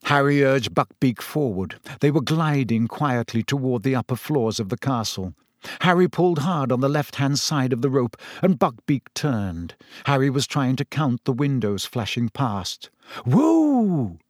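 A man narrating a story in measured, scripted storytelling. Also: mid-range voice, animated, no room sound, clean studio sound. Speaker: audiobook narrator.

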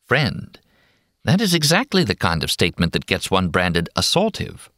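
A man's voice: sits low, huge pitch swings, moderate pace, pushed and bright, dry recording, clean studio sound, heavily acted. A man voicing a prim, over-educated male patient who speaks in precise, genteel, faintly mocking phrases in an audiobook. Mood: condescending.

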